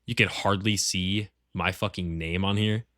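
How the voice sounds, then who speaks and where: Slangy, cursing young-sounding man, low voice. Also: steady tone, normal speed, fairly bright tone, no room sound, clean studio sound. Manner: profane, rambling, slangy banter. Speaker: gaming clan leader. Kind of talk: casual tier-list commentary. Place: at home, shared with family.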